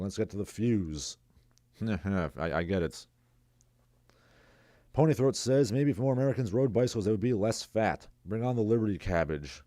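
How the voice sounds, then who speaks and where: A man hosts his own livestream in a lowish, dark-toned voice, recorded cleanly in a studio with no echo. Talking alone in casual commentary, he rambles sarcastically and reads out messages from viewers' chat.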